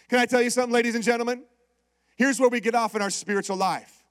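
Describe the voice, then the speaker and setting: High-voiced male preacher, dry close sound. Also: quick pace, clear, resonant tone, no room sound. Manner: animated storytelling with call-outs to the congregation. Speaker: pastor. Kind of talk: sermon.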